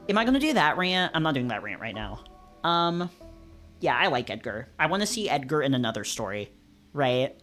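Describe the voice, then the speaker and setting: A visual novel reader speaks in a slightly bright, mid-range voice, reading lines aloud and chatting about them. The delivery wanders and hesitates, with many fillers and false starts.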